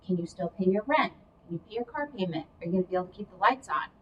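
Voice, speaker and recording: A woman's voice: on the low side, expressive, very fast, a bit bright, muffled recording. Chatty woman, distant mic. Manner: chatty, explanatory, hedges with asides. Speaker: career coach guest. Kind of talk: casual advice chat. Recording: distant mic with faint background noise.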